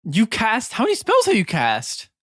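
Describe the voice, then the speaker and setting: A man's voice: high-pitched, huge pitch swings, moderate pace, fairly bright tone, breathy edge, no room sound, clean studio sound. A man running a tabletop game as game master, joking and teasing his players with frequent laughter.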